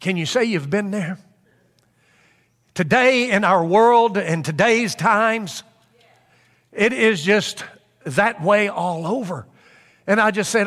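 A man's voice: high-pitched, measured pace, pauses often, a bit bright, big-room sound. A man preaching a sermon in an earnest way, repeating phrases for emphasis with frequent fillers.

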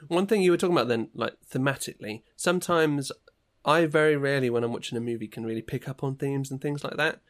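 Relaxed teasing man. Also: medium pitch, quick pace, few pauses. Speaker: podcast co-host. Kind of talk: casual chat.

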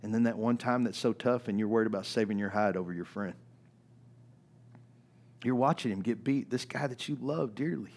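A male pastor delivering a sermon at a medium pitch, casual and conversational in tone. He climbs to loud, emphatic high points and then drops back to soft, subdued passages. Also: a little fast, long pauses. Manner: animated, swinging between loud emphatic peaks and quiet, low passages; conversational, with frequent "right?" and "man".

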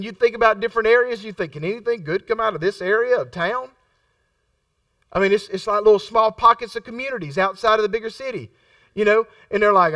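A middle-aged man preaches a sermon in a conversational way, repeating phrases for emphasis and acting out the voices of people in his stories. His voice is high-pitched, pushed and bright, recorded far from the mic with no echo.

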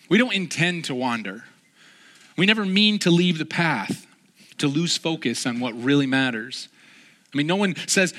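Male pastor, slightly high, bright voice, animated self-mocking storyteller, long hall reverb. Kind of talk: sermon with personal storytelling. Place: large hall before a live gathering.

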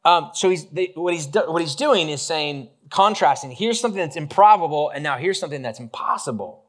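A man preaching a relaxed, conversational sermon, joking with the congregation and talking with many fillers and restarts. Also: a little high, a little fast. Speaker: pastor.

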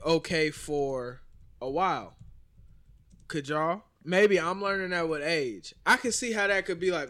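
A man co-hosting a casual podcast chat, talking in an animated, profane, joking way. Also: a little high. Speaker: podcast co-host.

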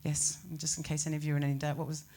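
A British woman performing a stand-up comedy set, ranting with incredulous, animated exclamations. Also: sits low, racing. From Britain.

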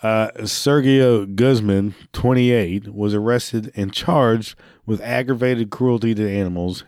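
A talk show host with a lowish, darkish male voice speaks slowly with few pauses, recorded in studio quality with no echo. His rant is angry and profane, heavy on swearing, with laughter slipping in between lines.

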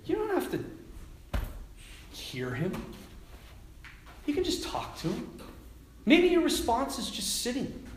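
A man's voice: medium pitch, roomy sound, slight background noise. A man, a priest, telling funny personal stories in a sermon and often laughing as he talks. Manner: animated, laughing storyteller.

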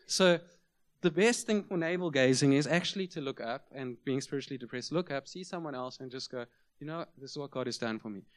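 A middle-aged man preaching a sermon in a conversational, self-deprecating storytelling manner. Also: mid-range voice. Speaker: pastor.

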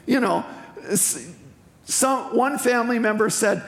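An older speaker from eastern Wisconsin giving a personal testimony sermon in a church sanctuary, telling the story in a heartfelt, unhurried way with emotional swells. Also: medium pitch, animated. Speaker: guest speaker at a church service. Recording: echoey hall with faint music.

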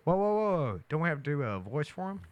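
A man in casual chat among friends, loud and profane, often cutting in with bursts of exclamation. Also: on the high side, sing-song, fast talker, clean tone, no echo, muffled recording.

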